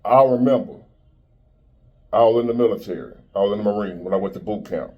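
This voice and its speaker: A man's voice: on the low side, fast, dull audio. A man in his fifties giving a blunt, preachy motivational monologue in street-style talk. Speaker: motivational speaker.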